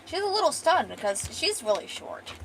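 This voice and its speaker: A young woman chatting casually while she draws, rambling and swearing freely. Her voice is gravelly and sits a little high. There is faint background hiss. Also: sing-song, moderate pace. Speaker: art streamer. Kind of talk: casual chat.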